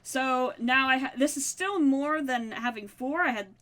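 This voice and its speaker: A woman's voice: high-pitched, measured pace, fairly bright tone. A woman casually narrating her modded game, playfully taunting mobs and talking herself through crafting. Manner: playful, talks to mobs, mock-dramatic taunts. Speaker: gamer narrating her play. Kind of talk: casual let's-play commentary.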